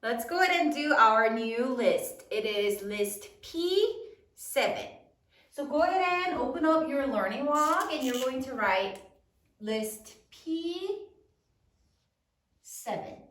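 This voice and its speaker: Woman teacher, spelling lesson; lively high delivery, slow careful sounding-out, a bit far from the mic. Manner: slow, drawn-out dictation, sounding out words. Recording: echoey room, mic at a distance.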